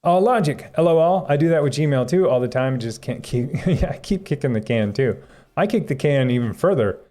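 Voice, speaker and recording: A man's voice: medium pitch, lively intonation, brisk, mellow. A man chatting casually on a tech live stream, rambling and chuckling as he reads viewer comments aloud.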